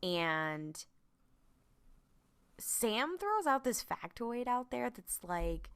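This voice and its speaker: A woman co-hosting a podcast, retelling scenes in a casual, animated way and swearing freely. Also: a little high, very slow, clean tone. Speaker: podcast co-host. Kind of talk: casual recap chat.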